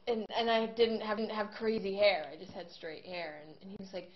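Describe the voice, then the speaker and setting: A young adult woman guest in a casual interview, telling stories in a chatty, animated way with many fillers. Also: medium pitch, brisk, crowd noise. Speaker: guest, singing show contestant. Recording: dull lo-fi home video with steady noise.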